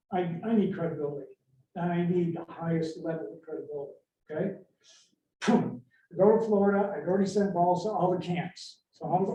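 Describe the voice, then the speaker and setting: A man's voice: high voice, slight background noise. Echoey man telling stories. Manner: animated anecdotal storyteller, acts out quotes. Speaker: inventor giving a talk. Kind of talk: storytelling talk with advice. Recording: very echoey room heard from a distance.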